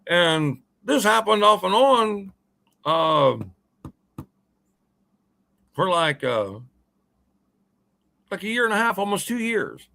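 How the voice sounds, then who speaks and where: A man's voice: high voice, very animated, slow, gravelly, long pauses, pushed and bright. A man in his sixties, a radio show guest, telling a long story in a rambling, folksy way full of uhs and ums. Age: 60s. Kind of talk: casual storytelling.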